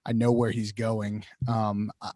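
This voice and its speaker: A man explaining his choice in a casual podcast chat, halting and hesitant with many fillers. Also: on the low side, level tone, mellow, no echo, clean studio sound. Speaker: fantasy football panelist.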